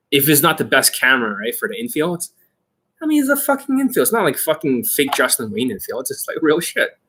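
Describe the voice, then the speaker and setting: A man's voice: mid-range voice, a bit bright, breathy edge. A man hosting an unscripted coaching Q&A, talking in a blunt, aggressive and profane way. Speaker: dating coach host.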